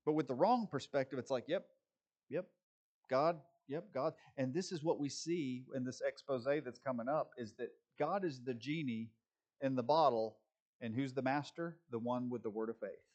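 With a medium-pitched, darkish voice at normal speed, this pastor works through his sermon by asking questions and then answering them himself. Wry jokes crop up along the way.

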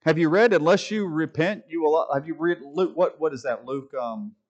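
Male pastor, casual emphatic rant, fairly high voice. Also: normal speed, highs cut off. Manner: emphatic, frequent restarts, swings from loud to muttered. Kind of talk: preaching commentary, conversational rant.

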